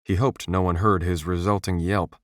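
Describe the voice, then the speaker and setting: A man reading a fantasy audiobook as its narrator, with a steady, measured delivery. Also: deep voice. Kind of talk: scripted narration. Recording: dry, close studio voice.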